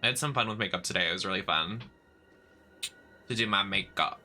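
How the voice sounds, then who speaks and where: Man, game streamer, casual live commentary, very bright tone, faint music behind. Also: sits low, fairly quick. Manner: animated, swings between chatty and exasperated.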